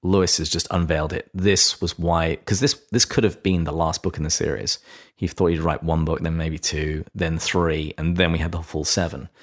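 Deep-voiced guy on a book podcast, earnest, reads bits out loud. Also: level tone, normal speed. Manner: earnest, reads quotes with gentle emphasis. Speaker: podcast host. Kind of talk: casual book discussion with read-aloud passages.

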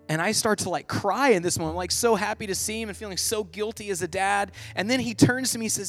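A man's voice: high-pitched, fast, hardly any pauses, fairly bright tone, soft background music. A middle-aged man telling a personal story in a sermon, then leading into prayer, earnest and vivid with lots of "like". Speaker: Catholic speaker.

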